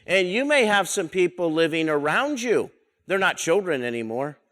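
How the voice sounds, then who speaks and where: Man teaching a Bible study, slightly high voice. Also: very animated, moderate pace, fairly bright tone. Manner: conversational, with rhetorical questions and repeated phrases.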